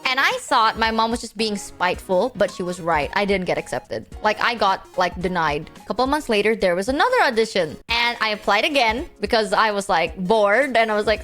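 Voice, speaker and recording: A woman streamer telling stories in casual, slang-filled stream chat, animated and quick to jump between voices. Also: mid-range voice, soft background music.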